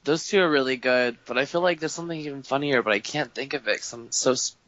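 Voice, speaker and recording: A man's voice: mid-range voice, fast talker, no echo. Male podcast guest, casual storyteller who swears freely and acts out quotes; muffled dry home mic. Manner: rambling, swearing, animated quoting. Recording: dull lo-fi home recording.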